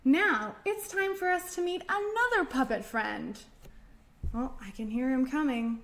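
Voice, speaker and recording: Woman, children's librarian, high voice, unhurried sing-song delivery. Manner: slow, gentle, sing-song with frequent laughs. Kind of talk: storytime reading and finger rhymes for children.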